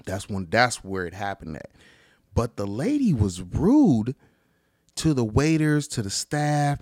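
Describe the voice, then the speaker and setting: A man casually ranting about travel stories, profane and animated, acting out the people he quotes. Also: normal speed, no echo, studio quality. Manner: animated, profane, acts out quoted people with big pitch jumps. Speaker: vlogger. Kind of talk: casual storytelling rant.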